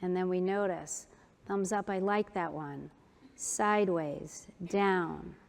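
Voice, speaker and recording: A woman giving a keynote talk, leading an audience through breathing and humming exercises. She is upbeat and playful, pokes fun at herself, and slows down for soft, gentle cues. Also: lowish voice, steady tone, creaky. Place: large conference hall. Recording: long hall reverb.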